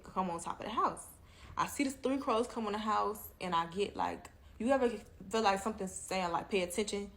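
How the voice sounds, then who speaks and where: A woman, telling a creepy dating story in a casual, animated, profane way and talking straight to her listeners. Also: medium pitch. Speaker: storyteller in a reaction clip.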